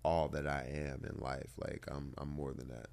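A man's voice: a bass voice, flat delivery, moderate pace, gravelly, a little mellow. A man in his thirties, a guest in an interview, telling stories in a laid-back, drawling way and swearing freely. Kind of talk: casual storytelling.

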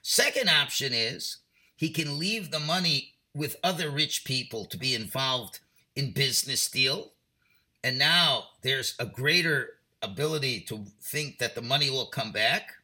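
A rabbi giving an emphatic, story-driven weekly Torah portion talk, mixing in Hebrew and Yiddish terms and swinging between quiet and loud passages. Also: male voice, mid-range voice, animated, measured pace.

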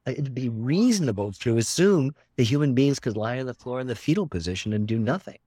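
A man's voice: mid-range voice, expressive, brisk, warm tone, breathy edge, dry recording, studio quality. An older man, a documentary filmmaker, talking earnestly and expansively in an interview, often repeating words for emphasis. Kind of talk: reflective interview talk.

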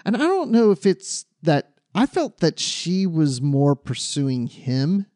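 A man co-hosting a casual book discussion podcast, chatty and quick to laugh. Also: on the high side, sing-song, dark tone, no echo, clean studio sound. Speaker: podcast co-host.

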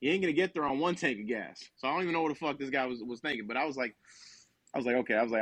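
A man from New Jersey telling a story on a podcast, animated and profane, laughing as he goes. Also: mid-range voice, very fast, slightly rough, no room sound. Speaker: podcast host. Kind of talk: casual comic storytelling.

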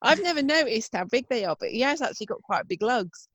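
A young woman co-hosting a casual podcast, her voice bright with a lively, swooping pitch. She talks in a chatty, easygoing way, swears freely and laughs easily. The sound is dry and close. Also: fast, dry recording. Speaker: podcast co-host. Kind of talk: casual chat.

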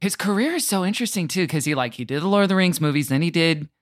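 A man's voice: fairly high pitch, lively intonation, fast, no echo, clean studio sound. A man guesting on a podcast in casual chat, joking with emphatic riffs.

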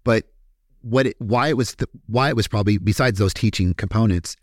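A man's voice: fairly low pitch, a little fast, no echo, clean studio sound. A man from Kentucky with a Kentucky accent, a podcast guest telling his story in a candid, profane, casual way with many fillers.

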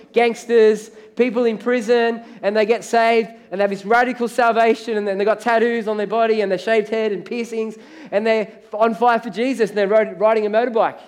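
High-voiced male pastor preaching. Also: darkish tone. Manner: conversational preaching, acts out quoted voices. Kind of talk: sermon.

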